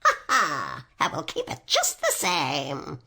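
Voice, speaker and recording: A woman voicing a cunning, cruel old witch, gloating low and slow, then shrieking and wailing. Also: wildly swooping pitch, sharp tone, slightly rough, heavily acted.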